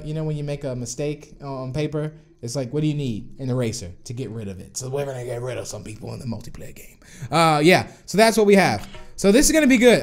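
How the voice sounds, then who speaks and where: A young man giving live commentary on a shooter game, excitable and chatty with viewers, bursting into whoas and cheers. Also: fairly high pitch. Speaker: gaming YouTuber.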